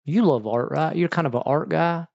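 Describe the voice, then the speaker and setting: A man voicing a pushy, cheapskate grown-up parent in a mocking, high, country-drawl voice. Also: normal speed, gravelly, a little mellow, no room sound. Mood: flattering. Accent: country drawl, put on. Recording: dull lo-fi stream audio.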